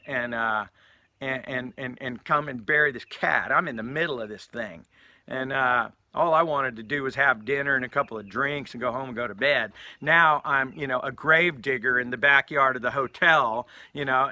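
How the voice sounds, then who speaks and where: A man's voice: medium pitch, bright, forceful tone, no echo. A man telling a casual anecdote, rambling with lots of fillers and restarts. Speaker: storyteller.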